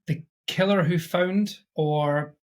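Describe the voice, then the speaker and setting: A man's voice: on the high side, slow. A man co-hosting a podcast, chatting casually and rambling as he tells a story. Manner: rambling, acts out quoted voices. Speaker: podcast co-host. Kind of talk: casual chat.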